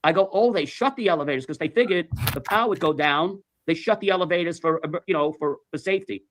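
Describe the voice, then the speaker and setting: A man's voice: a little high, quick pace. A man casually telling a story, acting out the dialogue, swearing and laughing as he goes. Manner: animated storytelling, acts out dialogue, swears, laughs mid-sentence. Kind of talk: casual anecdote.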